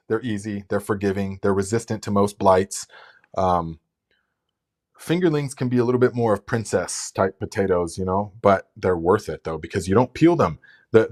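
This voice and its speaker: A man's voice: lowish voice, a little mellow. A man hosting a casual live gardening Q&A, chatty and rambling, with lots of fillers and restarts. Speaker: gardening channel host.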